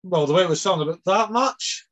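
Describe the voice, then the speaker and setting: A man's voice: sits high, brisk, a bit bright. A man co-hosting a sports podcast in casual chat, rambling and peppering his talk with "like". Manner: rambling, heavy use of "like". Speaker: podcast co-host.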